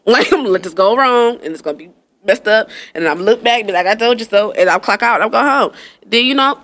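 A woman's voice: fairly high pitch, animated, brisk, fairly bright tone. A woman co-hosting a casual chat, telling stories with a sarcastic, laughing, profane manner. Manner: storytelling, sarcastic, swears and laughs often. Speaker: podcast co-host.

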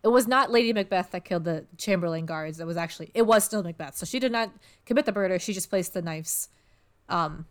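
Giggly young woman retelling a story casually. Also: lowish voice. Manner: giggly and irreverent, slips into quick voices for characters.

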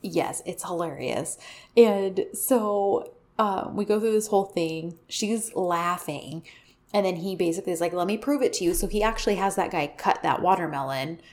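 A woman co-hosting a casual podcast chat, talking quickly and animatedly about a TV episode with frequent laughs and fillers. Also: fairly low pitch, a little mellow.

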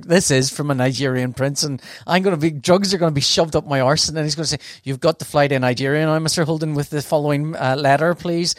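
Casting note: man, a little high-pitched, rambling anecdote, dry close sound. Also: no room sound. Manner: rambling anecdotal storyteller, laughs often, flustered. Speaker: podcast host telling a story. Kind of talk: casual chat.

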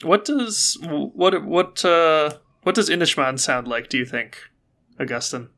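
A man narrating as game master of a tabletop game, relaxed and hesitant, full of fillers. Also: fairly high pitch, measured pace.

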